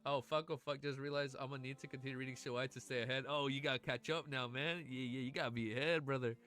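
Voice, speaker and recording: A man streaming casually, chatting excitedly with his audience, swearing and gushing, at times near tears. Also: mid-range voice, quick pace, faint music behind. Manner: excitable, swears often, gushes and laughs. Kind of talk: casual livestream chat.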